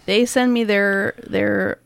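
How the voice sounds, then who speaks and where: A woman's voice: mid-range voice, fairly even intonation, slow, vocal fry, clean tone, no room sound. Chatty woman on a dry studio mic. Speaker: entertainment guide contributor. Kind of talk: casual radio chat.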